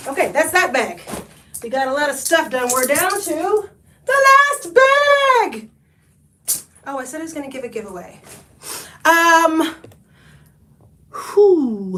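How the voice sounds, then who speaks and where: A woman, hosting a casual thrift haul livestream, animated and chatty, calling viewers honey. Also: a little high, distant mic, slight background noise.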